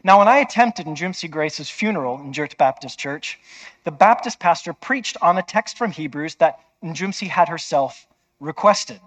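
A man's voice: a little high, fairly bright tone. A man preaching a sermon in an emphatic, conversational way, often checking with listeners.

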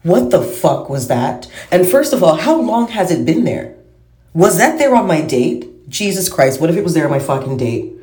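A woman's voice: on the low side, animated, normal speed, a little mellow. A woman vlogger in a casual monologue, ranting with heavy swearing and exasperation. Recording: roomy echo.

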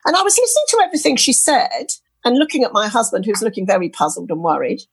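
Animated British woman telling a story. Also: fairly high pitch, fast, vocal fry, breathy edge, no echo, low-quality recording. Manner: animated storyteller who quotes others in lively voices. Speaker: interview guest, spirit artist. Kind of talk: storytelling in a podcast interview. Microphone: headset earphones.

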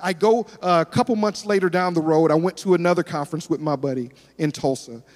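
A male pastor preaches in a high, light voice, his words ringing through the long reverb of a large church hall. He tells animated stories and acts out each person's lines as he goes. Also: fast talker. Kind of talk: sermon with storytelling.

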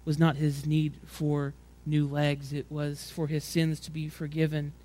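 Brief: male pastor, fairly high voice, casual sermon delivery, frequent stumbles and restarts. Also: completely flat delivery, measured pace, mellow. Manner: conversational preaching, acts out quotes with rising pitch and volume; frequent repeated words and restarts.

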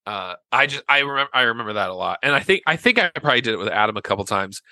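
Bright-voiced young man telling stories. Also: medium pitch, racing, dry recording. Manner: animated storytelling, acts out his own past words in whispers. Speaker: podcast guest. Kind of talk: casual chat.

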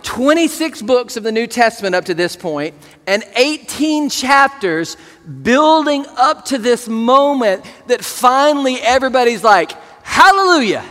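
A man's voice: extremely high pitch, fairly bright tone, long reverb tail. A man preaching a sermon as pastor, earnest and leading the congregation, with words he often repeats.

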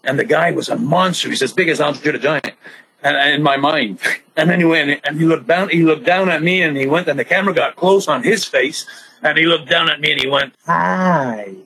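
Older Quebecois man, former wrestler, husky, bright, animated storyteller. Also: a little high, low-quality recording. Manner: animated, laughing, fast bursts, acting out quotes. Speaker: retired pro wrestler, guest. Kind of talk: storytelling in an interview.

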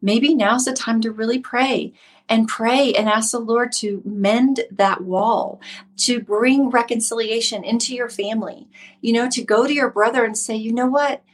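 A woman's voice: on the high side, steady tone, normal speed, husky. A middle-aged woman hosting a casual Christian livestream, teaching in a conversational way and greeting viewers by name. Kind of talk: casual devotional talk.

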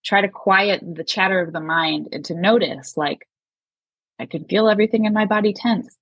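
A woman guest explaining emotional awareness in a calm, measured way. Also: medium pitch, slightly rough, no echo, rough recording. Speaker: guest, emotional intelligence educator. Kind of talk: reflective interview talk.

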